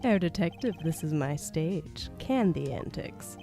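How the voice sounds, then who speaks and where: A woman's voice: deep voice, expressive, a little slow, creaky, warm tone, faint music behind, heavily acted. Woman doing a smug young rock-star prosecutor. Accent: affected European rock-star accent.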